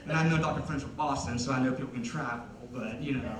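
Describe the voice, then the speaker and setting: On stage at a concert venue, a young comedian from Ohio, USA, rattles through a rambling, self-deprecating stand-up set with lots of fillers. He speaks quickly in a mid-range voice, barely pausing. Slight background noise is present, and the hall is echoey, capturing him from afar.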